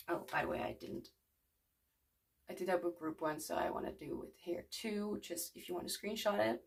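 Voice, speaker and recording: A woman's voice: lowish voice, moderate pace, vocal fry, recorded from a distance. A woman in her twenties giving a casual tarot reading to viewers, rambling with lots of fillers. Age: 20s. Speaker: tarot card reader.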